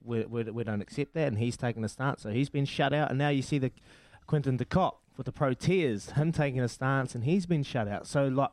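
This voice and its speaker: Upbeat kiwi breakfast radio host. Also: male voice, medium pitch, brisk, few pauses, a little mellow, no room sound. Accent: New Zealand. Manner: chatty, upbeat, friendly. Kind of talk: casual radio chat. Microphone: studio mic.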